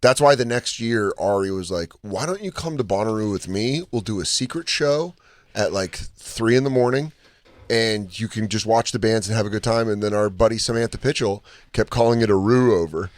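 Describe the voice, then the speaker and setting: A man's voice: on the low side, normal speed, no room sound. A man co-hosting a podcast, telling a rambling story in casual chat and laughing often. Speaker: podcast co-host.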